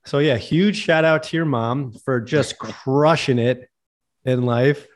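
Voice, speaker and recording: A man's voice: mid-range voice, a little slow. A man hosting a podcast, talking in an earnest, heartfelt, rambling way. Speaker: podcast host. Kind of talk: casual conversation.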